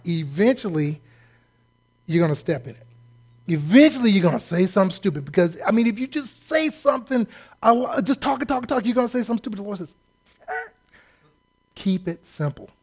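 A man preaching a sermon in a lively, animated way, acting out quotes as he goes. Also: high voice, fairly quick.

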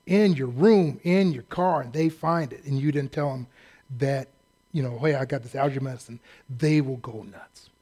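Male preacher, higher pitch, story-driven comic sermon, loud drill-sergeant impressions. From California, US. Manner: self-deprecating, acts out shouted drill-staff voices.

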